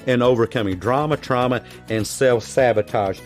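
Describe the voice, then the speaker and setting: A man's voice: medium pitch, normal speed, faint music behind. A man with an American Southern accent hosting a podcast interview, talking in a folksy, chatty way. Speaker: podcast host.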